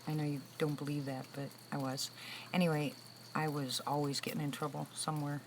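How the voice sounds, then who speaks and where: Woman, 60s, low voice, livestream host, chatty storyteller, faint background noise. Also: level tone, a little fast, low-quality recording. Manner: chatty, storytelling, laughs often. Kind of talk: casual chat with viewers. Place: room with a loud air conditioner.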